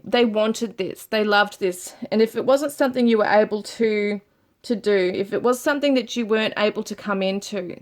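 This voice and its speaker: Woman, tarot reader, emotional, near tears, sighing, gushing. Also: mid-range voice. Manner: gushing, many sighs and exclamations. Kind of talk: channelled tarot reading.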